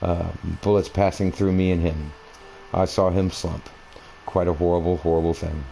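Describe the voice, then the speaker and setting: A man's voice: sits low, little pitch movement, moderate pace, gravelly, dark tone, a little hiss or hum, poor audio. A man recording a gaming video, rambling through a personal story in a meandering, conversational way while he plays at home. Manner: meandering, conversational, many fillers and restarts. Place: at home, playing a console game.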